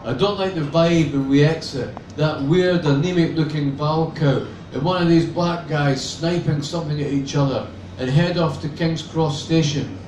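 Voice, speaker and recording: A man reads his own novel aloud with a dry, sardonic edge. His voice sits a little high for a man. The sound is roomy and picked up from a distance, with faint ambience behind. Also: fairly even intonation, moderate pace, a little mellow, a little hiss or hum. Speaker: author reading.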